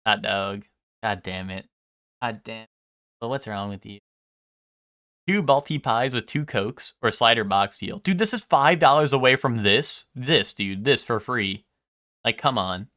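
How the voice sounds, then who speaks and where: A young male streamer talks to his chat in a bright, crisp voice, rambling and swearing as he goes. The sound is dry and close. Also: medium pitch, dry recording. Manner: rambling, swears a lot, full of ums. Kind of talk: casual live-stream chat.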